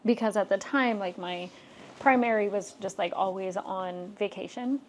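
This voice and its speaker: Brief: young adult woman, podcast co-host, frank storyteller, mid-pitched voice, acts out quoted dialogue. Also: normal speed. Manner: frank, filler-heavy, acts out others' remarks in quotes. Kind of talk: candid conversational storytelling.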